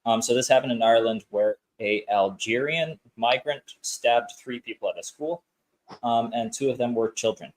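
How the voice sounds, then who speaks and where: A man in an ordinary middle register walks through a news story on a casual podcast. He is careful and hesitant, filling pauses with ums. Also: medium pitch, low-quality recording. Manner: measured, hesitant, many ums. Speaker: podcast co-host presenting a story.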